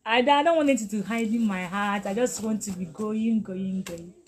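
A woman's voice: mid-range voice, moderate pace. A middle-aged woman teaching on a live stream. She talks emphatically, repeats herself and laughs often. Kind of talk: live-stream motivational talk.

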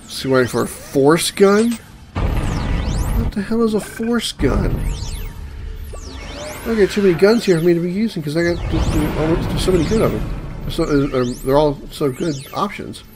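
A man's voice: fairly high pitch, expressive, brisk. Man muttering through a horror game. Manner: muttering, swearing reactions. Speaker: let's play gamer. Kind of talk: casual gameplay commentary. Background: game music and sound effects.

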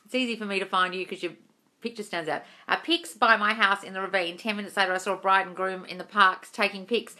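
A woman's voice: mid-range voice, steady tone, quick pace, pushed and bright. A woman in her thirties hosting a live-stream Q&A at home, reading viewers' comments aloud and answering them bluntly and casually, calling them darling and swearing freely. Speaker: manifestation coach. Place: home room. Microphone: phone or webcam on a live stream.

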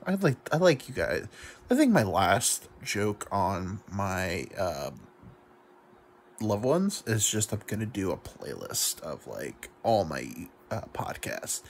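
A man's voice: lowish voice, wildly swooping pitch, takes it slowly, gravelly, husky. A drunk man rambling to the camera, self-deprecating and full of fillers. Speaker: YouTube comedian. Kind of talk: rambling confessional monologue to camera.

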